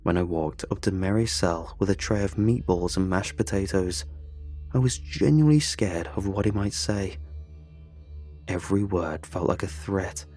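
A man's voice: low voice, moderate pace, darkish tone, breathy edge, faint music behind. A man narrating a first-person horror story in a tense, confessional way.

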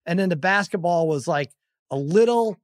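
A man in his forties co-hosting a podcast, telling stories in an animated, exasperated, jokey way. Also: sits high, normal speed, dry recording, studio quality. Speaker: podcast co-host. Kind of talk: casual chat, storytelling.

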